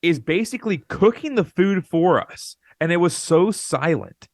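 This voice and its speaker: A man co-hosting a podcast, telling a rambling, animated story in casual chat. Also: high-pitched, normal speed, dry recording. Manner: rambling, animated, acts out quoted lines. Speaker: podcast co-host.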